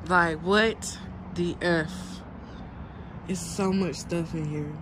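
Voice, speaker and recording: A woman's voice: fairly low pitch, slow, a bit bright, a little hiss or hum. A woman chatting casually to her viewers in a family vlog, telling a story from her storage unit. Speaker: family vlogger. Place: storage unit, partly outdoors.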